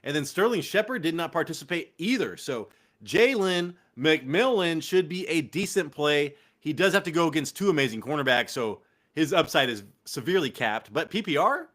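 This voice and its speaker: A man's voice: a little high, lively intonation, moderate pace, a bit bright. A young man with a Californian accent, hosting a casual fantasy football show with loose, profane, laughing banter. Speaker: podcast host.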